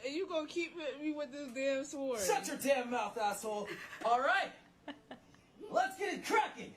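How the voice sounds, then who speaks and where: Cocky edgy anime brawler, someone hamming it up: high, lively, distant and noisy. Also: moderate pace. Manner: shouty, gruff tough-guy bravado. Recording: distant, roomy, noisy clip audio.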